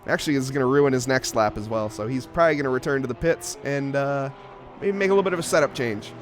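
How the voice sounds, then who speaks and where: Chatty sim racing commentator with music. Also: male voice, mid-range voice, quick pace. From English-speaking. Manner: joking, self-mocking, laughs often. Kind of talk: live esports race commentary.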